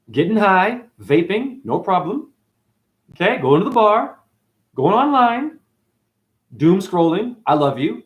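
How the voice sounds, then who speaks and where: A man talks to his livestream chat in a preachy, animated way. His voice sits a little high and leaps between loud outbursts and low mutters. The sound is roomy, with a clear echo. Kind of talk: casual livestream monologue.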